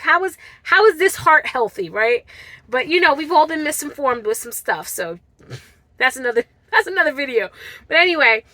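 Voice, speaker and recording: A woman's voice: sits high, pushed and bright, dry recording. A woman vlogger telling a personal story to camera in an earnest, heartfelt way, speaking straight to her viewers. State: tearful at times.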